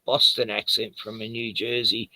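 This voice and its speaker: A man's voice: on the low side, level tone, moderate pace, sharp tone, dry recording. An Australian man hosting a casual stream, rambling and laughing as he chats. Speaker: streamer host. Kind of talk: casual chat.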